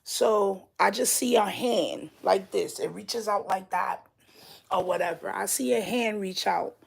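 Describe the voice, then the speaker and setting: A woman's voice: mid-range voice, gravelly, slightly rough. A woman telling a personal dream story casually and candidly, swearing freely as she talks. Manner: slow and drawn out. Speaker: vlogger.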